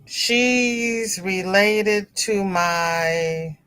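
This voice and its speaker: Slow-talking woman livestream host. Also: mid-range voice, a little hiss or hum. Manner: chatty and expressive, with sudden exclamations. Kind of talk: casual livestream chat, reading viewer comments aloud.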